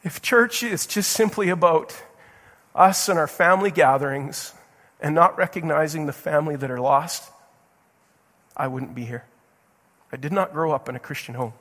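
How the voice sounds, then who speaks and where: A man's voice: fairly high pitch, normal speed, pauses often, fairly bright tone. A male pastor preaching a passionate sermon to his congregation, firing questions at them and stumbling over repeated words as he pushes on. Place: church sanctuary. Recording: long reverb of a large hall.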